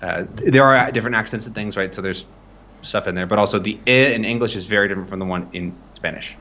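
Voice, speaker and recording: A man's voice: on the low side, fast talker, bright, forceful tone, lo-fi sound. A man tutoring pronunciation in a casual live-streamed lesson, explaining loosely and checking in with frequent "right?". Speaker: language tutor.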